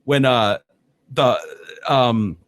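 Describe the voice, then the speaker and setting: A man hosting a casual podcast, telling stories with lots of swearing, laughter and loud voices for the people he quotes. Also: medium pitch, drawn-out words, dry recording, studio quality. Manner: swears freely, laughs often. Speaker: podcast host.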